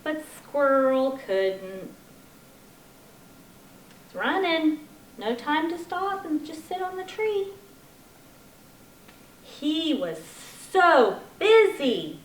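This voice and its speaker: A woman's voice: sits high, sing-song, drawn-out words, long pauses, a little hiss or hum. A woman at a children's library story time, reading a picture book aloud in a sing-song voice and asking the children questions. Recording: echoey library room.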